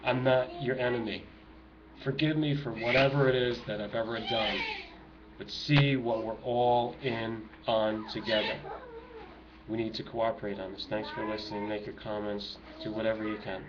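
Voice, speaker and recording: A man's voice: fairly low pitch, fairly even intonation, normal speed, crowd noise. A middle-aged man speaking emotionally and urgently to his viewers from home, preaching in an impassioned monologue. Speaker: activist vlogger. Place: home with children nearby. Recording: dull lo-fi home recording with noise.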